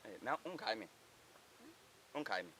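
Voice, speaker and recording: A Ghanaian man acting in a comedy film, talking quickly and mixing Twi with English. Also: lowish voice, slight background noise. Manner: fast, animated Twi-English code-mixing.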